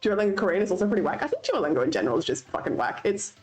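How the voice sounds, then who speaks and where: A woman's voice: mid-range voice, big pitch swings, very fast, a little mellow, soft background music. A young Australian woman streaming, chatting casually with her viewers, swearing freely and laughing often. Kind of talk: casual chat with live chat.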